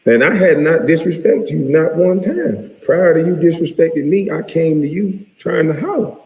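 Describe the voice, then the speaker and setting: A man in his forties, a retired pro athlete, ranting to camera in a profane, heated, animated way. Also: fairly high pitch, moderate pace. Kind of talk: casual rant to camera. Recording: echoey room with long reverb.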